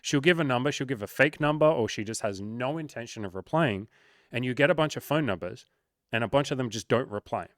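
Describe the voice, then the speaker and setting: A young man gives frank dating advice in a loose, animated monologue. He talks at a middling pitch and jumps into little impressions of the people he quotes. The sound is close and dry, with no room in it. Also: brisk, dry recording. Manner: candid, animated, acts out quoted voices. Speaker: dating coach. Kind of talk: casual monologue to camera.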